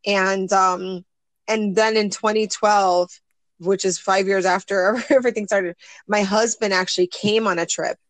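A woman's voice: medium pitch, steady tone, unhurried, no room sound. A woman in her forties, a guest in an interview, telling a personal story earnestly and acting out what others said. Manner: earnest, storytelling, acts out quoted voices. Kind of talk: casual interview conversation.

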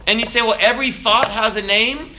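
A man preaches with plenty of animation, his voice sitting a little high for a man. His pitch and volume rise and fall as he acts out little voices. The sound carries a roomy echo. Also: fairly quick, bright, forceful tone, a little hiss or hum. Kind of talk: sermon.

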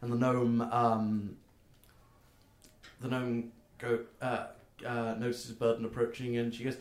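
A man narrating as game master of a tabletop game, talking haltingly with many fillers. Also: medium pitch, completely flat delivery, darkish tone. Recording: roomy echo.

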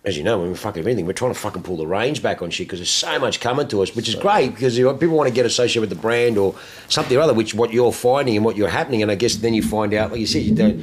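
A man's voice: fairly low pitch, very fast, slightly rough. An Australian man hosting a casual business chat, telling stories freely with plenty of swearing. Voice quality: profane, animated storyteller.

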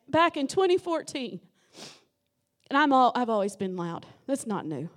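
Impassioned high-voiced woman preaching. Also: sing-song, normal speed. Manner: impassioned, rising to shouts. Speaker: guest preacher. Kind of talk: Pentecostal sermon. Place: church sanctuary.

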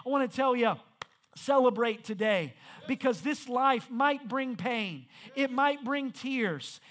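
Very high-voiced male preacher. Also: fairly bright tone. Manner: conversational, then rising to emphatic preaching with stumbles. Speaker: pastor. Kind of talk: sermon.

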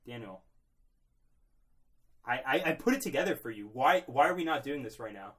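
A man's voice: mid-range voice, expressive, normal speed, a bit bright. A young man co-hosting a podcast in a small closet, rambling mock-seriously with lots of filler words. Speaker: podcast co-host. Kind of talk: comedic casual chat.

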